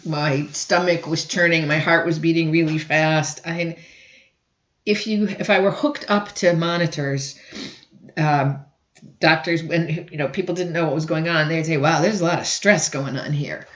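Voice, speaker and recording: A woman instructor giving a recorded lecture, often clearing her throat and restarting sentences. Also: low voice, unhurried, echoey room, highs cut off. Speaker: college instructor.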